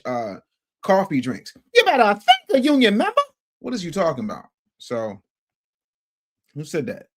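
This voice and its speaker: A man hosting a casual livestream, reading viewer chat and commenting, emphatic and repetitive, swinging from loud outbursts to low mutters. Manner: emphatic, repeats phrases for effect. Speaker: livestream host.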